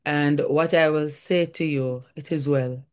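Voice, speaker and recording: A woman's voice: low-pitched, fairly even intonation, unhurried. A woman leading an online prayer meeting, affirming each speaker and calling on the next.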